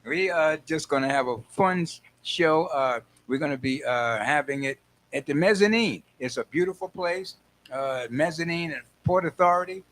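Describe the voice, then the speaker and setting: An older man hosting a radio talk show, animated and playful, acting out little scenes as he talks. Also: on the high side, normal speed. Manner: lively, playful, acts out voices, frequent laughs.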